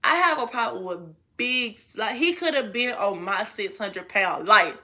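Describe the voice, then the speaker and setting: A young woman telling a story to her viewers in an animated, slangy way. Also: medium pitch, a little slow. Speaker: vlogger. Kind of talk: storytime vlog.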